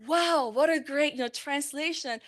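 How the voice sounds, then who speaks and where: A woman's voice: high voice, normal speed, fairly bright tone. A woman, a language instructor giving a conversational conference talk on teaching translation, with fillers and self-corrections. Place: conference room.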